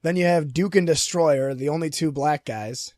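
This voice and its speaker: A young man with a slightly higher voice than most men, chatting as a podcast co-host. He tells stories with animated energy, swears freely and laughs often. The sound is dry and close, with no room around it. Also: moderate pace, no echo. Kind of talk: casual chat.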